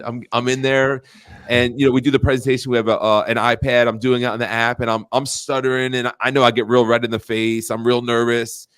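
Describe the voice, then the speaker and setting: An animated man, a podcast guest who works as an insurance agent, tells sales stories in a casual chat. His medium-pitched voice is fast and clean, and he acts out quotes in a raised voice, with frequent fillers and restarts.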